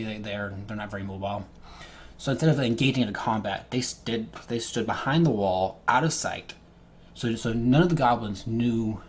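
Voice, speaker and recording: A man's voice: medium pitch, a little hiss or hum. A man talking casually as a game master, often restarting and repeating words mid-sentence. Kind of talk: casual talk to camera.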